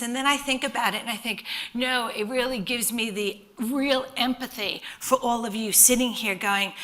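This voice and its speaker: A woman's voice: on the high side, normal speed, few pauses. A middle-aged woman nutritionist giving an enthusiastic, chatty conference talk, self-deprecating and often checking in with "right?". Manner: chatty, animated storytelling with frequent rhetorical "right?".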